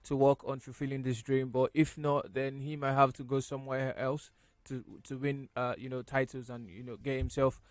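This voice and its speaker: A man's voice: medium pitch, little pitch movement, moderate pace, no room sound. A man on a radio sports panel giving his view with many ums and restarts. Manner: hesitant, lots of ums and restarts. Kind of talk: casual sports talk.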